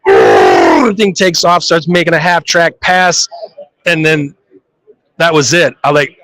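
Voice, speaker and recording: A man's voice: fairly high pitch, very animated, slow, creaky, a bit bright, no room sound, low-quality recording. A man who drives funny cars, telling stories in a live interview and acting out his own reactions. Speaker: funny car drag racer. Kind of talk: live trade show interview.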